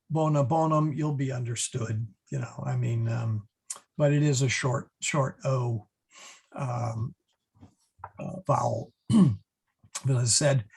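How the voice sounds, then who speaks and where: A man teaching a Latin lesson at an unhurried, deliberate pace. His voice is slightly husky, and he stumbles through fillers and restarts. He chuckles now and then at his own asides. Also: medium pitch. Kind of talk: online class lecture.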